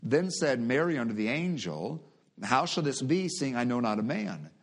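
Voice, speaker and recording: A man's voice: medium pitch, big pitch swings, normal speed. A middle-aged man preaching a sermon, reading scripture aloud and leading his congregation in prayer. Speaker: pastor.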